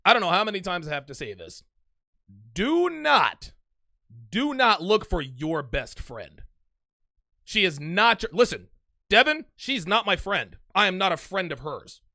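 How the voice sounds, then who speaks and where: A man's voice: high-pitched, big pitch swings, measured pace, gravelly, sharp tone, no room sound. A man doing mocking reaction commentary, emphatic and sarcastic, on a close microphone. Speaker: commentary host.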